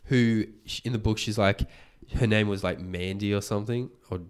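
A man, hosting a podcast and retelling a story in casual chat, animated and swearing freely. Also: fairly low pitch, normal speed, clean tone. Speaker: podcast host.

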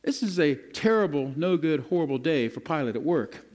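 A male pastor delivers a sermon with a fairly high voice. He retells the scripture as a lively story, slipping into casual modern speech for the people in it. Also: moderate pace.

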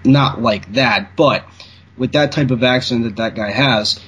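A man's voice: medium pitch, measured pace, a bit bright, slightly rough. Jersey-accented man in casual chat. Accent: New Jersey. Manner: filler-heavy, lots of likes and restarts.

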